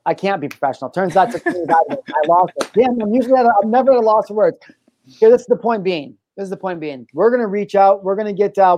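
A man hosting a casual podcast, joking around, animated, and swearing freely. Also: high voice, no room sound. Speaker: podcast host. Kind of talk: casual chat.

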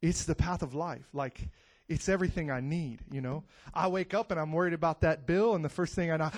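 A man preaching a lively sermon to his church, whooping and swinging between hushed lines and loud cries. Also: on the high side, moderate pace. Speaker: pastor.

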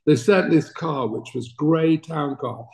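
A man's voice: fairly high pitch, unhurried, creaky, a little mellow, roomy sound, poor audio. An older British man, a talent manager, telling anecdotes as a guest in an interview, chatty and laughing through his stories. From Britain.

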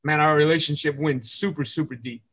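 Male podcast host, eager and reflective, slightly raised pitch, casual talk. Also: fairly even intonation, brisk, fairly bright tone, a little hiss or hum. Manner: enthusiastic, reflective, repeats words while thinking. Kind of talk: casual interview conversation.

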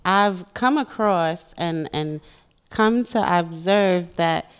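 A woman co-hosting a casual podcast, speaking in a slow, deliberate, teasing way. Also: on the low side, clean tone. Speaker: podcast co-host. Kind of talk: casual chat.

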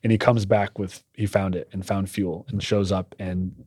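A young man casually telling a rambling, animated story as a podcast guest, swearing now and then. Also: low voice, normal speed, breathy edge, no room sound, studio quality. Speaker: podcast guest, cannabis shop owner.

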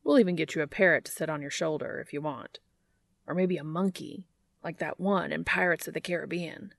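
A woman's voice: low-pitched, a little fast, creaky, dry recording. A woman reading aloud and voicing a brash, cheerful man who jokes in a hammy pirate manner. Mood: teasing. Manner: playful, teasing.

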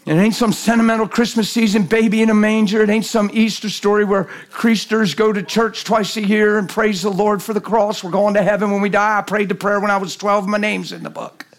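A man preaching a sermon at a church service, animated and telling stories, acting out the voices in them and swinging from loud to hushed. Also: high voice, a little fast, few pauses. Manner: acts out voices in his stories. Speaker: guest preacher. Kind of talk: sermon with storytelling.

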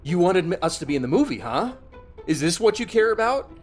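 A man voicing his enraged, desperate investigator character in a tabletop horror game, shouting at a captive. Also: high-pitched, very animated, brisk, soft background music, pitched above the performer's own voice. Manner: shouting loudly.

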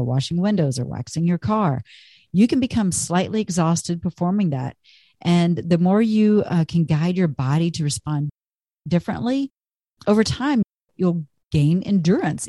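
A woman's voice: deep voice, dark tone, no echo, clean studio sound. A woman fitness instructor giving an upbeat, chatty talk on stretching and endurance, encouraging listeners and laughing at herself.

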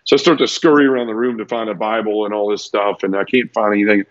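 A man's voice: fairly low pitch, fairly even intonation, fast, no room sound, muffled recording. A man earnestly telling his personal conversion story in a conversational interview, tumbling through it with restarts. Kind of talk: conversational testimony.

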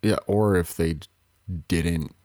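A man's voice: deep voice, slow, a little mellow, no echo, clean studio sound. Opinionated young male podcast guest. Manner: rambling, opinionated, swears freely. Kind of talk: casual podcast banter.

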